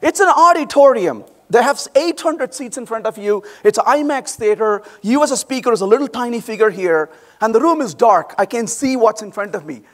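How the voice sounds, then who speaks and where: A middle-aged man giving a conference talk, animated and playful, acting out quoted voices with quick asides to the audience. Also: very high-pitched. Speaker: conference speaker. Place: large conference hall.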